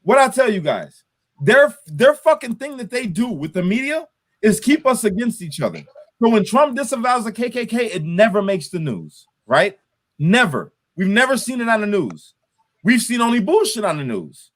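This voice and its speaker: A man with an unusually high voice rants through a heated political discussion. His pitch swings widely as he curses and hammers the same point again and again. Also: very animated, moderate pace. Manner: profane, ranting, emphatic repetition. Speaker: host.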